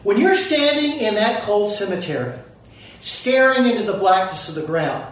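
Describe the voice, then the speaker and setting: A pastor preaching a sermon slowly and deliberately, repeating phrases and dropping to a hush at the ends of lines. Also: mid-range voice, lively intonation. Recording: very echoey room, from far off.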